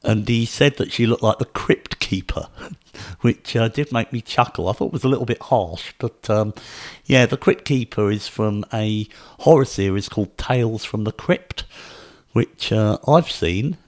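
A man's voice: lowish voice, a little slow. A man from the UK hosting a solo podcast, talking conversationally and pressing points with emphasis. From United Kingdom. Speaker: podcast host.

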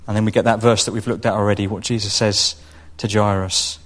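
Male preacher delivering an expressive sermon. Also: on the low side, fairly quick, few pauses. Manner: expressive, acts out quoted voices.

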